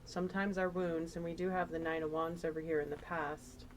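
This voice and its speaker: A woman's voice: sits low, little pitch movement, fairly quick, a little hiss or hum, poor audio. A woman giving a casual, chatty tarot reading, rambling and emotional as she talks through the cards. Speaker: tarot reader.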